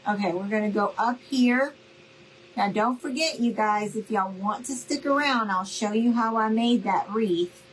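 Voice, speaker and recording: On a rough recording with slight background noise, a woman with a rather high voice talks at a moderate pace. Hosting a crafting livestream from New Orleans, Louisiana, she's chatty and warm, calling her audience "y'all" and "honey" as she works.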